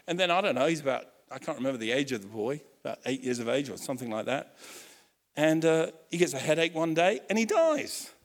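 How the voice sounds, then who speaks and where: A man preaching a sermon, telling a story with lively acted-out quotes and frequent restarts. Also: a little high, a little fast. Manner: animated storytelling, acts out quotes, self-correcting restarts. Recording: long hall reverb.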